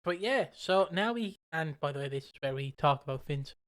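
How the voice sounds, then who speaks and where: A man's voice: a little high, lively intonation, fairly quick, fairly bright tone, smooth, no echo. A man co-hosting a wrestling podcast in casual, rambling, profane chat. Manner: rambling, profane, frequent voice impressions. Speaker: podcast co-host.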